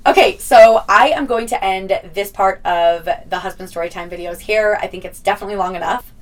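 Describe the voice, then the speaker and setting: A woman's voice: medium pitch, a little fast, distant mic. A young woman telling a story to her viewers in a casual, chatty way. She swears freely and acts out what people said. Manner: chatty, swears often, acts out quoted lines. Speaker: vlogger.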